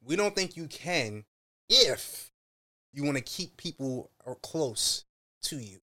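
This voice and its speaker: Animated man with lively, higher voice. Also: takes it slowly. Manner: animated, acts out quotes with big pitch jumps. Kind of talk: casual chat.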